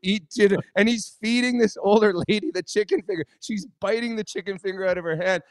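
Middle-aged guy co-hosting, telling a wild road story, does the loud voices, pretty high voice, dry sound. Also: fast, no room sound. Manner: animated storyteller, acts out loud quotes. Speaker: podcast co-host, former hockey player. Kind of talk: casual storytelling chat.

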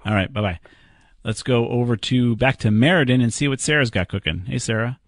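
A man hosting a call-in tech radio show, giving quick, plainspoken, jokey practical advice to callers. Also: medium pitch, dry recording, clean studio sound. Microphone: studio microphone.

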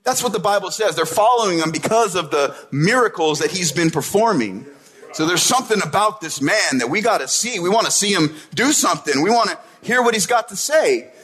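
A man's voice: high-pitched, expressive, fairly quick, a bit bright, breathy edge. A man preaching a sermon in a casual, conversational way, often checking in with his listeners. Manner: conversational preaching, tag questions like "right?". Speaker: pastor.

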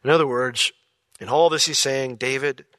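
A man preaching a sermon in a lively, conversational way, with jokey asides. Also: medium pitch, moderate pace, no room sound. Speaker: pastor.

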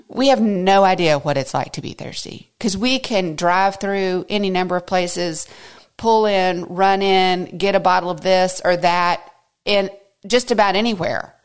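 A woman's voice: on the low side, a little slow, clean tone. A woman hosting a devotional podcast, teaching through a psalm in an earnest, conversational way and asking listeners direct questions. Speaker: podcast host teaching scripture.

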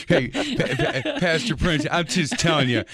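A man's voice: fairly high pitch, wildly swooping pitch, slow pace, fairly bright tone, husky. Teasing, jovial radio host, a man. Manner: teasing, jovial, rambling with restarts. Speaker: radio show host, former high school basketball coach. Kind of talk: casual radio chat.

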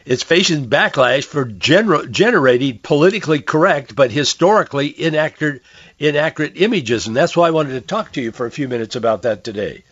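Hoarse male radio host, earnest conversational monologue, dry and muffled recording. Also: a little high, lively intonation, a little fast, a bit bright, no room sound. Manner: conversational, earnest, with frequent restarts. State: hoarse, losing his voice. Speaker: radio talk show host. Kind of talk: political and religious commentary monologue.

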